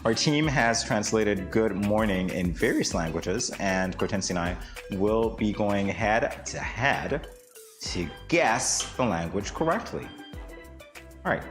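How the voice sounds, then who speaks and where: A man's voice: on the low side, animated, slow pace, over music. A man co-hosting a morning show, joking and teasing his co-host in playful studio banter. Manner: jokey, teasing, laughs often. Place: television studio.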